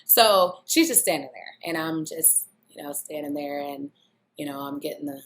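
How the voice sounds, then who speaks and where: Young woman with a notably low voice, relaxed reflective vlog delivery. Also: normal speed. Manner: conversational, loose, with many "you know" fillers. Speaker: vlogger. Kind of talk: casual reflective monologue.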